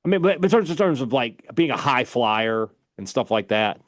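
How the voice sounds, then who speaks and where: A man with a Southern US accent co-hosting a casual sports chat podcast, laid-back, agreeable and quick to laugh. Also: medium pitch, animated, no echo, clean studio sound. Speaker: podcast co-host. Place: radio studio.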